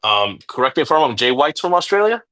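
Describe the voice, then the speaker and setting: A man's voice: mid-range voice, very animated, quick pace, a bit bright. A man from the United States co-hosting a casual wrestling podcast, rambling and swearing freely. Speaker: podcast co-host.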